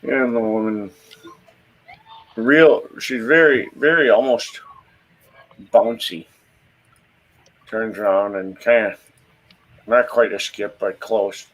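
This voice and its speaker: A man's voice: fairly low pitch, steady tone, slow pace, long pauses, rough recording. A man narrating a tabletop game as game master, describing scenes with hesitant fillers.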